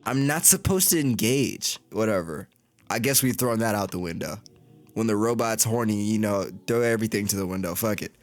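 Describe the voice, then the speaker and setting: A man's voice: fairly low pitch, fairly quick. A man giving casual, joking commentary on a game playthrough, swearing freely and rambling as he reacts. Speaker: gaming content creator.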